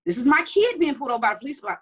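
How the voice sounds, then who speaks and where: A middle-aged woman telling personal stories in an interview, talking quickly and animatedly with many restarts. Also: high voice. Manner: fast, animated storytelling with frequent restarts. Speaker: interview guest. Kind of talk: candid personal storytelling.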